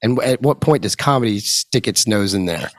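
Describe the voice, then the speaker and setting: A man's voice: fairly low pitch, expressive, brisk, dry recording, clean studio sound. A man hosting a podcast, asking curious questions with short reactions. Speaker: podcast host. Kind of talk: interview questions.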